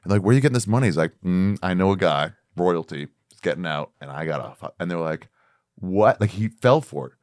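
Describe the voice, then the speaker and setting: A man's voice: low voice, quick pace, dry recording, studio quality. A middle-aged male comedian in casual podcast chat, telling stories and acting out quotes, swearing freely. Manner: animated storyteller, acts out quotes, swears freely. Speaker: comedian guest.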